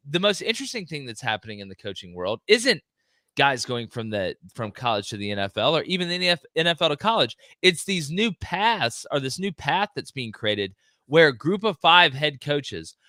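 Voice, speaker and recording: A man holding forth on sports in a casual, animated way. His voice is bright and forceful, a touch higher than most men, recorded close and dry. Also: moderate pace, no echo. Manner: animated, mocking quoted voices, laughing asides. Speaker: podcast co-host.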